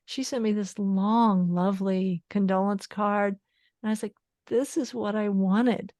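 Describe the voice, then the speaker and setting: A woman's voice: medium pitch, fairly even intonation, measured pace, darkish tone, no echo, studio quality. A woman guest on a podcast, talking earnestly and openly in a candid conversation. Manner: earnest, emotionally open.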